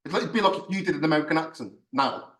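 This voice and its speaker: A man ranting in a casual podcast chat, swearing often and getting animated. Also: on the high side, racing. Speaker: podcast host. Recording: echoey room, far from mic.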